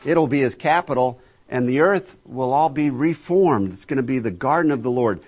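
A man's voice: animated, moderate pace, darkish tone, slightly rough. Male preacher, emphatic scripture reader, conversational between verses. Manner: booming emphatic scripture reading, conversational asides; addresses listeners directly, filler-heavy. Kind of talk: sermon with scripture reading.

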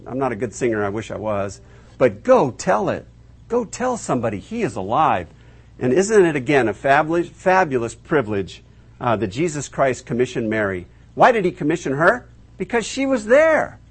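A man preaching with a husky, breathy tone and a voice that swings widely up and down. He tells the story dramatically, putting on the voices of its figures and throwing questions out to his listeners. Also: on the high side, big pitch swings, normal speed. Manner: acts out voices of biblical figures, asks the audience questions. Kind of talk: animated storytelling sermon.

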